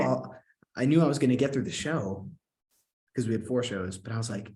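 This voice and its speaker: A man in his twenties, an actor and singer, telling a story in a casual interview and quoting himself in excited bursts. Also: mid-range voice, fast talker.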